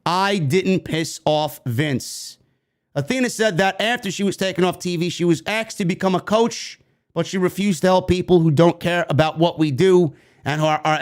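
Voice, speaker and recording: A man hosting a wrestling news show, giving emphatic, sarcastic commentary and reading interview quotes aloud. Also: on the high side.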